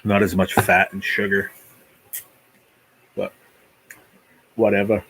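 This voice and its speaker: A man's voice: on the low side, flat delivery, takes it slowly, fairly bright tone, slightly rough, dry recording, poor audio. A man hosting a casual live stream, rambling easily and chatting while he eats. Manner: rambling, easygoing, talks while eating. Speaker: livestream host.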